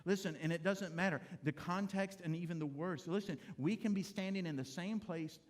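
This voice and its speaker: A middle-aged pastor with a high voice preaches in a church sanctuary. He talks straight to his congregation, conversational and joking. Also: brisk. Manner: conversational, humorous preaching addressing the congregation directly. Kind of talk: sermon.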